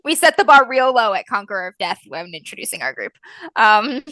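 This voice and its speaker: A woman's voice: medium pitch, very animated, fairly quick, pushed and bright, no echo. A woman player recapping the last tabletop session in a casual way, laughing often and swearing lightly. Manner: laughs through her sentences, swears casually.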